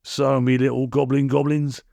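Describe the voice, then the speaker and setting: A man's voice: mid-range voice, level tone, moderate pace, creaky, mellow, no echo, pitched above the performer's own voice, close to an everyday voice. A man voicing a boastful, nasty old villain who talks in coarse broken grammar. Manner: coarse ungrammatical bluster.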